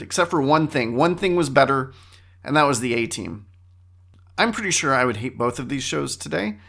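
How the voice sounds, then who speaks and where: A man's voice: mid-range voice, bright, forceful tone. A middle-aged man hosting a casual, rambling monologue, talking conversationally and often correcting himself. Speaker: host.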